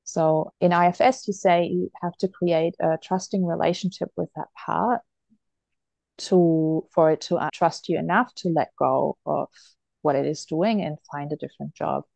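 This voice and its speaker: A woman with a lowish, gravelly voice talks openly as a guest on a podcast interview, calm and reflective. Her tone is dark and mellow, and she breaks into easy laughs. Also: normal speed, dry recording. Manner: reflective, open, laughs while telling her story. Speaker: podcast guest, mother and therapist. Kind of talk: candid interview conversation.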